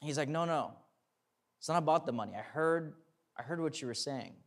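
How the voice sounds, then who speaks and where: A man's voice: fairly high pitch, lively intonation, fairly quick. A young man, a pastor, telling a personal story in a sermon, acting out the dialogue and then preaching earnestly.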